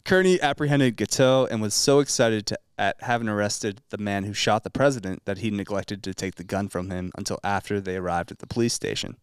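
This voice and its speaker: Guy reading out history notes on a podcast, low clear voice, dry sound. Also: fairly quick, few pauses, no echo. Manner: reads narration aloud, then cracks dry asides. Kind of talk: reading notes in casual chat.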